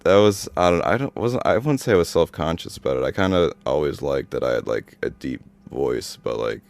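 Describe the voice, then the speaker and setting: A young man chatting on his podcast in a rumbling, very low monotone, with his phrases trailing off into gravelly fry. He talks slowly and loosely, with lots of "like" fillers. His voice is deep and relaxed. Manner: laid-back, lots of "like" fillers. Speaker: podcast host. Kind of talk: casual chat.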